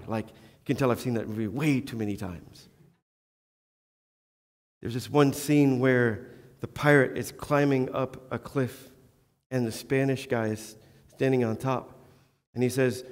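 A man's voice: medium pitch, moderate pace. A male pastor preaching a sermon earnestly, with flashes of self-deprecating humor, in a church. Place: church sanctuary. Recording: long church-hall reverb.

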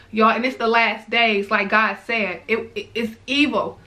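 A woman with a high, bright, forceful voice speaks straight to her viewers in a casual vlog. She is heartfelt and repetitive, leaning on "y'all" as she talks it through. She sounds like a mother sharing her feelings unscripted. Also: fairly even intonation, moderate pace, few pauses, low-quality recording. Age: adult, mother of young girls. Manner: heartfelt, repeats herself, addresses viewers as y'all. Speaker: vlogger. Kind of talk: emotional casual commentary to viewers.

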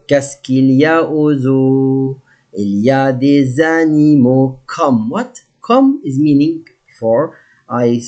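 Egyptian male teacher, slow and patient, mid-pitched, drawing out each word. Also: dark tone, dull audio. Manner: slow, patient, drawn-out modeling of words; switches between English and French. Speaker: French teacher. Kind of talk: recorded classroom lesson.

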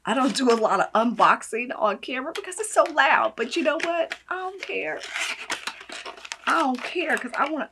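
A woman vlogging a casual unboxing, gushing and effusive, swinging between hushed asides and loud exclamations. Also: on the high side, lively intonation, normal speed, noisy background. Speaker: beauty vlogger.

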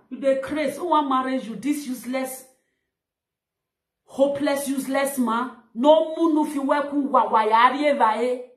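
High-voiced Nigerian woman ranting. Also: normal speed. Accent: Nigerian Pidgin English. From Edo, Nigeria. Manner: scolding, insulting, loud exclamations. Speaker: live video presenter. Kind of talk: heated live-video rant. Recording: echoey room.

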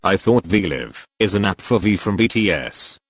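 Robot tts guy voice, low and emotionless, dry close sound, reading out fan confessions. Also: moderate pace, slightly rough, dry recording. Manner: emotionless, flat synthetic delivery. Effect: text-to-speech voice. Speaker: YouTuber reacting to fan confessions.

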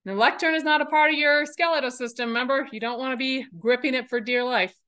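High-voiced, enthusiastic woman coach. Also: fast talker. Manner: enthusiastic, animated, emphatic. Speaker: public speaking coach. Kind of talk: webinar presentation.

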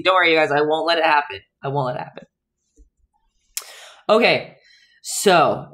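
A young woman hosting a live painting lesson, chatting casually with viewers in the chat as she works. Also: low-pitched. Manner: chatty, talks to chat viewers while teaching. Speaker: painting instructor and livestream host.

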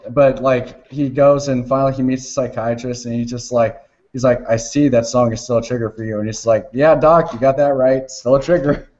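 A man's voice: mid-range voice, fairly even intonation, a little fast, a little mellow. Rambling, swearing man with a lo-fi sound. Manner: rambling, swears often, laughs while retelling. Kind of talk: casual chat.

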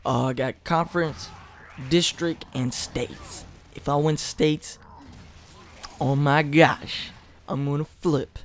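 A teenage young man giving rambling, excitable commentary over gameplay, close to his mic. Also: on the high side, unhurried, slight background noise. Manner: rambling, hyped, self-mocking. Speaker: gaming commentator. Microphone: close desk mic.

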